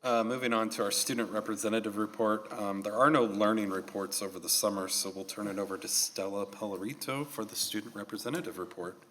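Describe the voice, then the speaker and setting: A man chairing a school board meeting, brisk and friendly as he moves through the agenda. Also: on the low side, fairly even intonation, fairly bright tone, a little hiss or hum. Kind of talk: meeting procedure.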